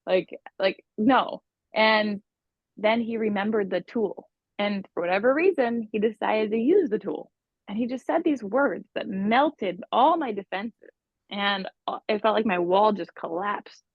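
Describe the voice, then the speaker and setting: Woman relationship coach, podcast guest, expressive conversational delivery; dry, slightly dull recording. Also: medium pitch, a little slow, dry recording.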